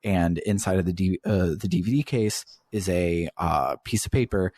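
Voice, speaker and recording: Low-voiced man casually recapping a game. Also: normal speed, darkish tone, no room sound, clean studio sound. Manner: swears casually while recounting the plot. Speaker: podcast host. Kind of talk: casual podcast chat retelling a video game story.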